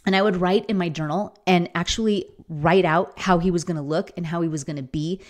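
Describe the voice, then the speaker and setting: A woman's voice: lowish voice, steady tone, a little fast. Middle-aged woman, enthusiastic inspirational faith speaker, earnest storyteller. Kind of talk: motivational faith talk.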